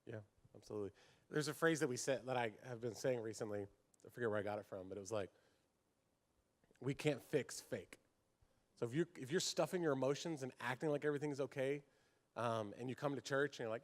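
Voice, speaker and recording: A man moderating a panel discussion, talking in a lively, conversational way. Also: medium pitch, fairly quick. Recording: reverberant hall.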